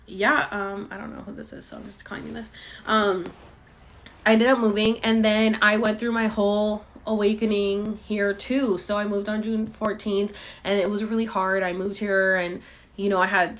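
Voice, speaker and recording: Young woman rambling thru a story, lots of likes and ums, middle pitch. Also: fairly bright tone. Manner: chatty, lots of fillers and quoted asides. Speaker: podcast host. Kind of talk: casual storytelling.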